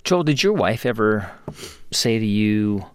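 A man's voice: fairly low pitch, expressive, unhurried, clear, resonant tone, dry recording. A man hosting an interview podcast, asking probing questions and teasing the next segment. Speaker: podcast host. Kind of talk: interviewer with scripted segment tease.

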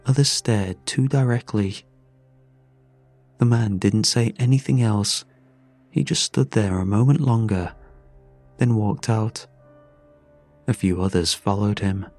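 Low, somber male horror narrator. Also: darkish tone. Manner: measured and somber. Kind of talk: scripted first-person horror narration.

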